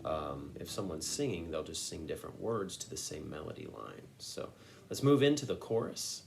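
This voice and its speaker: A man's voice: very deep voice, big pitch swings, normal speed, vocal fry, slight background noise. A man teaching a guitar song note by note, patiently walking through each finger move and sometimes singing a lyric. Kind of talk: step-by-step guitar lesson.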